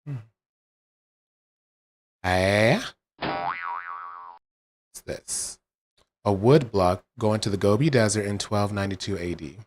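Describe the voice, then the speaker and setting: Deep-voiced wry game commentator, a man. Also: slow, long pauses, slight background noise. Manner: wry, incredulous asides. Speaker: gamer commentator. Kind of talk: let's play commentary.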